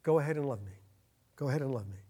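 A man preaching a sermon as a pastor, earnest, getting louder and slowing down to stress his points. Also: medium pitch, animated. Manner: earnest, swells louder and slows down for emphasis.

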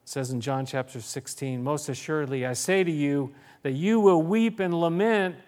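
A man preaches a sermon in an earnest way, reading scripture aloud and often stopping to restart a phrase. His voice sits a little high for a man. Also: normal speed, a little mellow. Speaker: pastor.

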